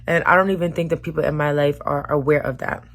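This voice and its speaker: A woman's voice: low voice, steady tone, fast. A woman vlogger talking frankly and emotionally into the camera, with casual slang and swearing. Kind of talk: candid personal vlog talk.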